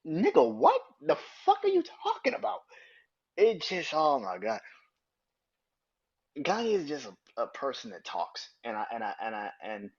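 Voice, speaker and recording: A man hosting a solo podcast, ranting in a profane, animated and emphatic way. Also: medium pitch, highs cut off. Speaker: podcast host. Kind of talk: opinionated solo podcast rant.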